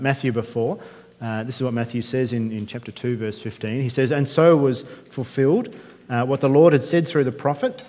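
A man's voice: medium pitch, darkish tone. Man, pastor, conversational sermon, rhetorical questions, long hall reverb.

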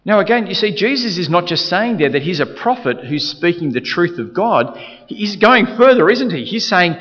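Preacher in a reverberant hall. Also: male voice, sits high, big pitch swings, normal speed, fairly bright tone. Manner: earnest, repetitive emphasis with frequent restarts. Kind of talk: sermon. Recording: dull reverberant hall sound.

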